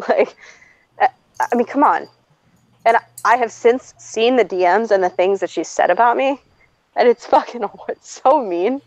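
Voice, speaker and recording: A woman's voice: fairly high pitch, unhurried, long pauses, a little mellow, no room sound. A woman telling a story in casual chat, blunt and profane, laughing often as she talks. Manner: blunt, swears freely, laughs often while talking. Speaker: streamer host. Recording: dull lo-fi dry recording.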